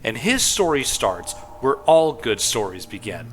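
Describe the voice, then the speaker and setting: A man's voice: medium pitch, very animated, unhurried, fairly bright tone, slight background noise. A young man, a streamer, casually recapping a game story in a rambling way with lots of fillers.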